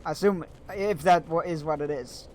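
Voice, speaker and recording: A man streams a video game and chats casually to his viewers. He rambles and uses lots of fillers, in a fairly high voice. A faint noise sits behind him. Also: normal speed, a little mellow. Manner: rambling and chatty, with many fillers. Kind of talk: casual chat while gaming.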